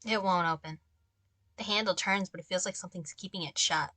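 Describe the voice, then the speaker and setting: A woman's voice: lowish voice, fairly quick, sharp tone, no room sound. A young woman giving casual let's-play commentary, chatty and given to exasperated ranting asides. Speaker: gameplay commentator.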